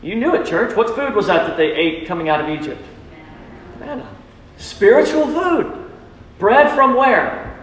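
A man's voice: very high voice, very animated, unhurried, pauses often, a bit bright. A man preaching a sermon as pastor, emphatic, asking his congregation questions and calling back their answers. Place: church sanctuary. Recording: echoey church hall.

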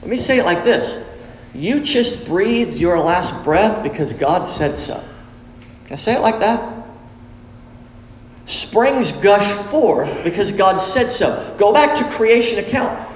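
A middle-aged man preaches a sermon with a fairly high voice, stressing his points by repeating them. The sound rings through a large reverberant hall with a faint hum of noise behind it. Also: lively intonation, slow. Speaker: pastor.

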